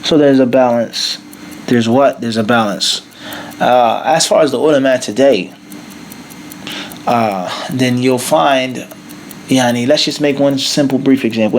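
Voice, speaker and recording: A man's voice: mid-range voice, normal speed, a little hiss or hum. Emphatic male Islamic teacher lecturing. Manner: emphatic, rhetorical questions, Arabic terms woven in. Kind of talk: lecture explaining a classical text.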